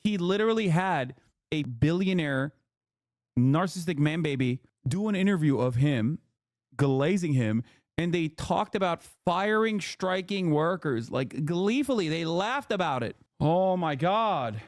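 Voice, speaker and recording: A man streaming from his living room, giving political commentary in an animated, exasperated rant with blunt slang. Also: fairly high pitch, unhurried, no room sound, clean studio sound. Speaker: Twitch streamer.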